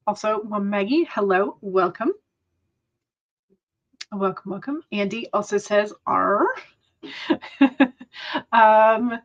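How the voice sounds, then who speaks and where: A young woman hosting a writing livestream, chatting casually with many fillers and small laughs. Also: medium pitch. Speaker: writing sprint livestream host. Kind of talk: casual chat to live viewers. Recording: dull lo-fi sound.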